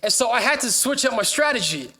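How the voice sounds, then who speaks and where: A young man's sermon in a raised, high-pitched voice, breezy and conversational as he jokes with the congregation. He sometimes lifts his voice to a shout to get the room to answer. He speaks as a pastor addressing his church. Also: very animated, quick pace.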